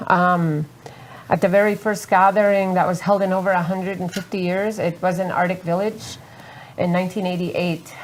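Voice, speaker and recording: An emotional woman from Alaska telling her story at a festival roundtable. Her voice sits low, and she talks in halting phrases full of fillers. A faint hiss runs underneath. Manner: earnest, halting with many fillers. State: emotional, near tears. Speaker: panelist. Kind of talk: panel talk, personal testimony.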